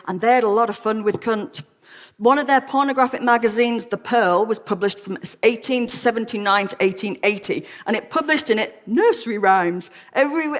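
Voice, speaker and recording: An Englishwoman giving a humorous public talk in a frank, witty, playful way. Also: on the high side. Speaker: lecturer. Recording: long hall reverb.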